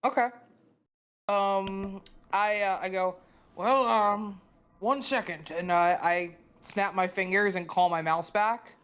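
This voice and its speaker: A woman's voice: mid-range voice, fairly even intonation, slow pace, fairly bright tone, clear, resonant tone, dull audio. A woman playing a tabletop game, chatty and stammering as she talks. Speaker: player. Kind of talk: casual play at a tabletop game.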